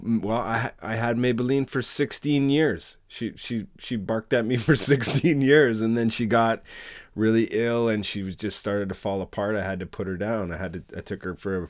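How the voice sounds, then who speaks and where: A man with a very low, deep voice talks candidly on a podcast. He tells blunt stories from his past, swears freely and laughs often. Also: fairly even intonation, moderate pace. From Canada. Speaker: podcast host. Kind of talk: candid casual chat.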